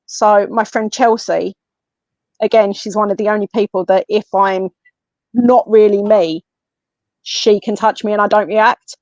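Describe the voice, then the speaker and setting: Unhurried and mid-pitched, an English woman who is a medium and paranormal investigator shares a personal story as a podcast guest. She tells it lively and casually, performing other people's lines herself. The recording has no room sound and is dry and a bit dull, like a lo-fi call.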